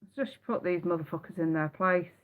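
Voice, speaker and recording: Brisk and fairly low-pitched, this woman gives a live tarot reading full of bluntness, free swearing and repeated points, captured in dull lo-fi audio.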